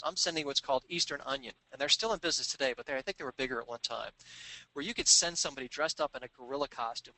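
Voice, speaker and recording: A man telling a sales anecdote in an animated, conversational way, acting out the people he quotes. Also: medium pitch, dry recording, rough recording. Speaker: sales trainer telling a story. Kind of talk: storytelling business talk.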